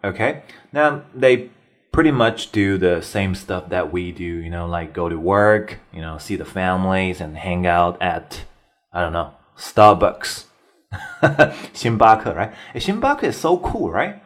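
A man's voice: low voice, expressive, measured pace. A man teaching English in a casual, chatty way, constantly checking in with the listener. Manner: chatty, keeps tagging "right?" and laughing. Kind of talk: casual explanatory lesson.

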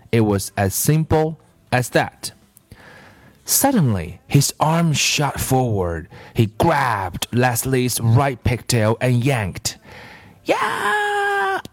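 Expressive, slow-reading male storyteller. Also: medium pitch. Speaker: narrator. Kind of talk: children's story read aloud.

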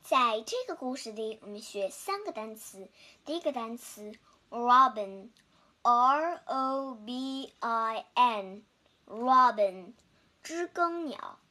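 A woman reading a children's picture book aloud slowly and carefully, with small restarts, then teaching and spelling out vocabulary words. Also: fairly high pitch, very animated, sharp tone. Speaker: storybook reader and English teacher. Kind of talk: children's storybook read-aloud.

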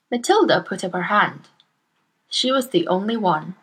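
A woman reading a children's novel aloud in a slow, careful storytelling manner. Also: medium pitch, expressive, a bit bright, husky. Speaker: storybook reader.

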